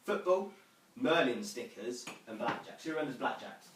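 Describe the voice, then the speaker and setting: A young man telling self-mocking comic stories to a small audience in a living room, animated and lively. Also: mid-range voice, moderate pace, distant mic. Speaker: storyteller. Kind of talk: comic storytelling to a home audience. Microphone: far camera. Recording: roomy room from afar, faint noise.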